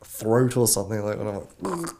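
A man's voice: fairly low pitch, lively intonation, crowd noise. Chatty playful guy cohost, voice bounces up and down a lot, jokes around. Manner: playful, joking, quick to laugh. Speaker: podcast co-host. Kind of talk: casual chat.

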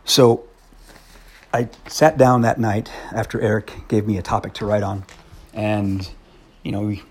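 Blunt, low husky-voiced man. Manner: blunt, candid, swears freely; reads his old essay aloud. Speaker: podcast host. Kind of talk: personal monologue.

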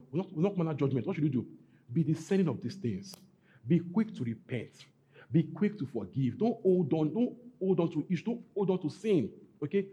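Emphatic preacher man with a mellow voice. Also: medium pitch, muffled recording. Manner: emphatic, repeats phrases, rising to loud exhortations. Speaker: pastor. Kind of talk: sermon.

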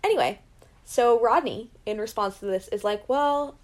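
A woman co-hosting a podcast in casual chat, animated and quick to laugh. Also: medium pitch. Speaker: podcast co-host recapping a reality show.

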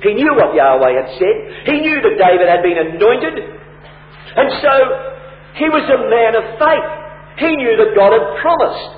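Emphatic high-voiced preacher in an echoey hall. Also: male voice, expressive, a little slow. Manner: emphatic, rising and falling preaching delivery with rhetorical questions. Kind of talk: sermon. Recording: echoey hall, tinny phone-like sound.

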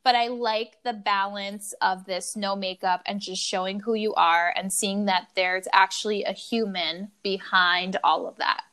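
A woman's voice: mid-range voice, steady tone, a little slow, hardly any pauses, bright, forceful tone, clear, resonant tone. A woman co-hosting a podcast in casual chat, talking with many "like" fillers and laughing through her stories. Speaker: podcast co-host.

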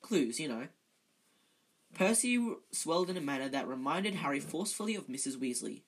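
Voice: medium pitch, expressive, fairly quick, slightly rough, rough recording. A reader narrating a novel aloud in an amateur way, often stumbling and correcting themselves.

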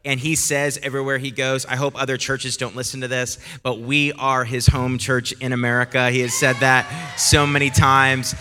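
A man's voice: medium pitch, flat delivery, normal speed, hardly any pauses, clean tone. A man hosting a church service, introducing the guest speaker in a casual, repeating way. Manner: warm, casual, repeats words. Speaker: church host. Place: church hall. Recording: long hall reverb with faint music.

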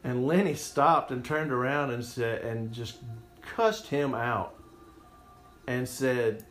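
A man's voice: mid-range voice, expressive, slow pace, a bit bright. A man telling a personal story in a rambling, conversational way with frequent restarts. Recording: roomy echo, faint music behind.

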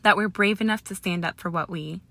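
A woman voicing a defiant, haughty young witch with a crisp, indignant delivery in an audiobook reading. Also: lowish voice, a little fast, sharp tone, no room sound, exaggerated voice. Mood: defiant, heated.

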